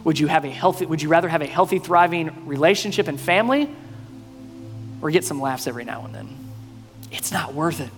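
A man's voice: fairly high pitch, fairly quick. Man preaching a sermon in a reverberant hall. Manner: shifts from quiet earnest to loud playful bursts. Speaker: pastor. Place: church sanctuary. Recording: long reverb in a hall, faint music.

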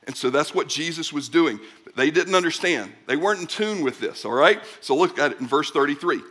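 Animated man preaching a conversational sermon. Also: fairly high pitch, brisk. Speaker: pastor.

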